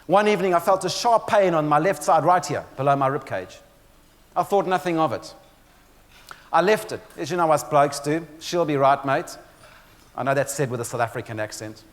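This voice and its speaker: Speaking fairly quickly in an expressive, slightly high voice, a motivational speaker gives a keynote presentation about stress. He tells dryly humorous stories straight to the audience, and the recording carries long hall reverb.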